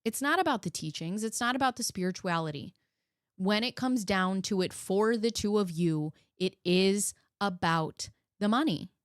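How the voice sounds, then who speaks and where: A woman's voice: mid-range voice, lively intonation, normal speed, no room sound, clean studio sound. A woman hosting a live reaction stream, talking bluntly and sarcastically and swearing freely. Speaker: host reacting to video clips. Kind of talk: casual live reaction commentary.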